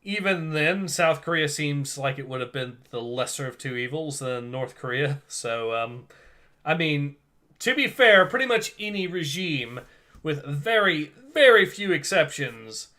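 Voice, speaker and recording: A man's voice: a little high, sing-song, a little slow, pushed and bright. A man hosting a livestream, chatting casually, reading viewer comments aloud and laughing often. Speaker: livestream host reading comics.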